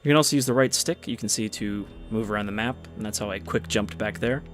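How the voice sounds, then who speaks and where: A low-voiced man talks through a strategy game in a relaxed, offhand manner and explains each step as he plays. Game music runs clearly under his voice. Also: fast. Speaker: gaming video host. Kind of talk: casual gameplay commentary. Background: game music and unit sounds.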